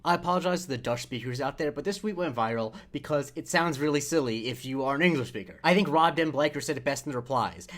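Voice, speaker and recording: A man hosting a comedic web show, narrating in a fast, playful, mock-serious way and then interviewing a guest. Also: mid-range voice, a bit bright. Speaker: host.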